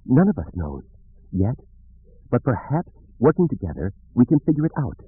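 A man voicing a grave, hesitant female Calamarian Jedi trainee in an audiobook, with a thin, husky voice and a slow, solemn manner. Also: mid-range voice, huge pitch swings, no room sound, pitched above the performer's own voice. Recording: narrow phone-like audiobook recording.

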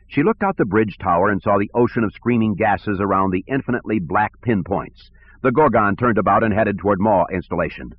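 A man narrating an audiobook in a steady, measured way, on a tinny recording. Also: lowish voice, husky. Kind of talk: scripted narration. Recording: tinny phone-like sound.

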